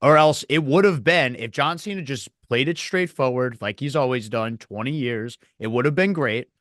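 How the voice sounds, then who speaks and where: A man co-hosting a casual wrestling review podcast, telling events in an animated way with acted quotes. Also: mid-range voice, normal speed, no echo, studio quality. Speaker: podcast co-host.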